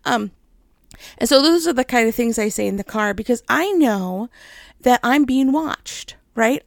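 A middle-aged woman hosting a casual faith talk, chatty and gentle, laughing often. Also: on the high side, vocal fry, dry recording, clean studio sound. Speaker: host.

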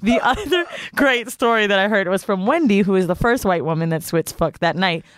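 A young adult woman co-hosting a podcast, telling a profane story in animated casual chat. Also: mid-range voice, fairly quick, no echo, studio quality. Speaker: podcast co-host.

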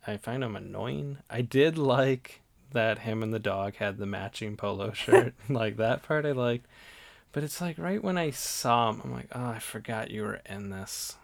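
A man in his thirties co-hosting a podcast, laid-back and quick to agree. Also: mid-range voice, gravelly, dry recording. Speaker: podcast co-host. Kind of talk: casual chat.

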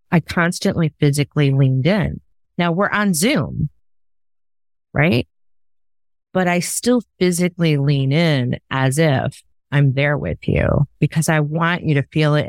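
A woman's voice: low-pitched, no echo. A woman hosting a podcast in casual conversation, talking in an emphatic, coaching way. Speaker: podcast host.

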